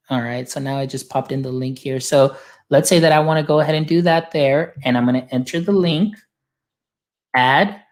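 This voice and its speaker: Upbeat male educator, casual screen-share demo voice, talky and friendly. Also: medium pitch. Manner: upbeat, chatty, lots of filler phrases. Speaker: guest demonstrating software; educator supporting teachers.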